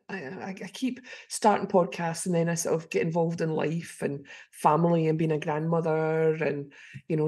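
A Scottish woman in her fifties, hosting a podcast and telling a story in an animated, chatty way. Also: on the low side, breathy edge. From Scotland. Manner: animated, acts out quoted voices. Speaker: podcast host. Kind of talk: casual storytelling chat.

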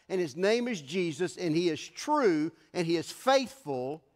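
A man pastor preaching an emphatic sermon in a church sanctuary, his voice swelling to loud declarations. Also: on the high side, very animated, unhurried, few pauses, big-room sound.

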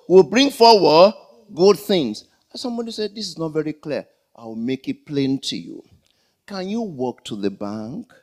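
A male pastor preaching a sermon, quizzing the congregation with questions and acting out comic little dialogues. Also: a little high. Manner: call-and-response questions to the congregation. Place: church.

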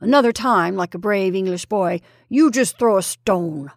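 A woman voicing a gruff, blustering old military colonel who talks in a brusque, commanding way. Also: medium pitch, moderate pace, dry recording, clean studio sound, natural voice.

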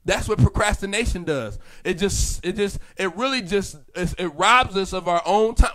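A man giving a motivational ministry talk in a lively, repetitive preaching manner, laughing often and now and then acting out other voices. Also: high-pitched, normal speed, hardly any pauses. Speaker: ministry speaker.

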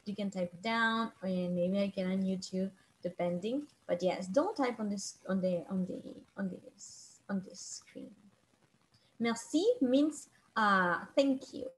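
A woman teaching an online class on a video call, patiently repeating and translating phrases slowly. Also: medium pitch, slight background noise.

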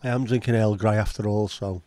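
Sweary man, low mellow voice. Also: steady tone, fairly quick, a little hiss or hum. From Liverpool, England. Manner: sweary, sarcastic banter. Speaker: livestream host. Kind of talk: casual livestream chat reading viewer comments.

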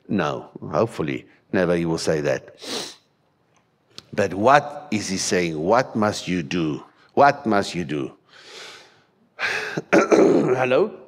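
A South African man, Afrikaans by birth, preaching from the pulpit with a somewhat low voice. He is emphatic and animated, firing rhetorical questions at the congregation as he goes. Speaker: pastor. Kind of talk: sermon. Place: church hall.

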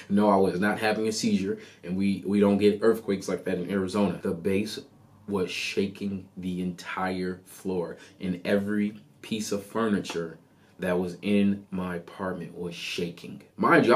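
A man's voice: low voice, normal speed. A man hosting a podcast, telling a personal story in a casual, conversational way with lots of asides. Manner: conversational, animated retelling with asides. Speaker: podcast host.

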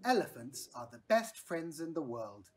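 A woman voicing a spirited little girl who befriends an elephant, in a high, excited childlike voice, with a slightly breathy tone. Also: a little slow, exaggerated voice. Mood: gentle.

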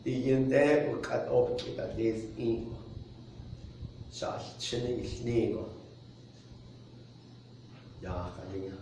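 A man, a pastor, preaching a sermon in a measured way with soft chuckles between points. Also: medium pitch, a little hiss or hum. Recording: very echoey room, distant mic.

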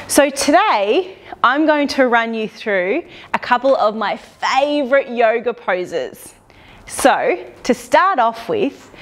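Lively high-voiced woman leading kids' yoga. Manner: playful, animal sound effects. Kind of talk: guided children's yoga lesson.

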